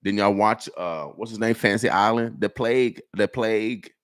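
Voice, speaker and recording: A man from Nebraska hosting a morning radio show, talking in an animated way that repeats itself and exhorts like a preacher. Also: fairly low pitch, normal speed, smooth. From Nebraska, USA. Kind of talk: casual radio talk. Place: radio studio.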